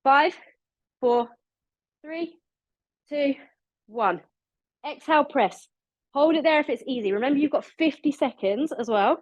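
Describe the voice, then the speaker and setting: A woman's voice: sits high, lively intonation, measured pace, pauses often, no room sound, muffled recording. A British woman leading an online exercise class, counting down reps and cheering people on, a little out of breath. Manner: upbeat, encouraging, counts down reps. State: slightly out of breath. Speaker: fitness instructor.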